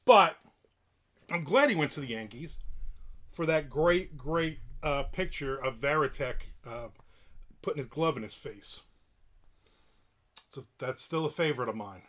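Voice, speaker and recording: A man's voice: on the high side, lively intonation, unhurried, long pauses, a bit bright. A middle-aged man hosting a livestream, giving a casual rant in a blunt, profane and opinionated way. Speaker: livestream host.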